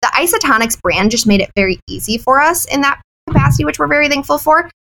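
A woman's voice: sits high, quick pace, creaky, a bit bright, rough recording. A woman who owns a wellness business, chatting candidly and animatedly as a guest in an interview. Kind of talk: casual interview chat.

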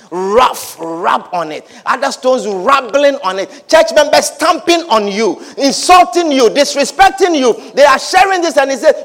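A man's voice: very high voice, gravelly, fairly bright tone. A man pastor preaching a sermon in a church, emphatic and repetitive, calling out to his congregation.

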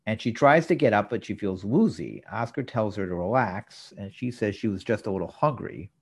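A man's voice: lowish voice, expressive, moderate pace, gravelly, breathy edge. A man co-hosting a podcast, retelling a sitcom episode's plot in detail with dry asides. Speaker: podcast co-host. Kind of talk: casual episode recap.

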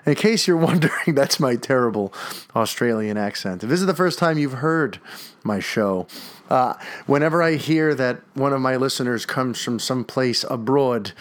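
A man hosting a podcast, talking casually, with a lot of swearing and rambling. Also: mid-range voice. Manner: profane, rambling, enthusiastic. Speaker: podcast host.

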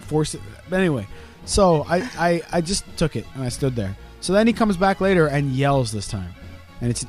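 A podcast co-host with a slightly high voice tells a rowdy story during a casual storytelling chat. He is profane and animated, acting out quotes as he goes.

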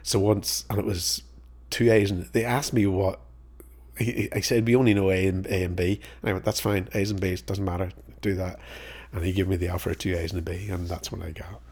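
A middle-aged man from Northern Ireland, a podcast guest who tells lively stories and acts out both sides of old conversations. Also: low-pitched, a little fast, husky. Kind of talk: casual storytelling interview.

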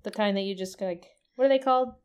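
A woman's voice: mid-range voice, quick pace, darkish tone, smooth. A woman in casual conversation, describing game characters at length, often searching for words and swearing now and then. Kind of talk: casual chat about a video game.

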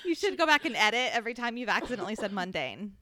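A woman co-hosting a podcast in a chatty, casual way, quick to laugh. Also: on the high side, very animated, bright, forceful tone, dry recording, studio quality. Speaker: podcast co-host. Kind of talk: casual chat.

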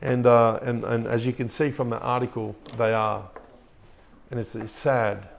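A man's voice: medium pitch, little pitch movement, a little slow, gravelly, slight background noise. A male pastor preaching a sermon, often repeating and restarting words and putting questions to the congregation. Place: church room with a congregation.

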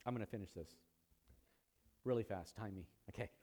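A man preaching a conversational sermon in a church, teaching with casual asides and growing louder and higher when excited. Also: brisk. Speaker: pastor. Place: church sanctuary.

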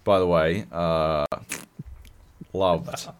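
A man's voice: low-pitched, fairly even intonation, extremely slow, a little hiss or hum. A man co-hosting a podcast, ranting profanely in casual chat. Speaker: podcast co-host.

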